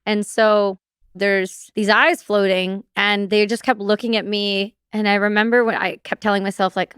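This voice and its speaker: A woman speaking as a podcast guest, telling her story in an animated, casual way and swearing freely. Her voice is smooth and clear at a mid pitch. The recording is close and dry. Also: normal speed, no echo.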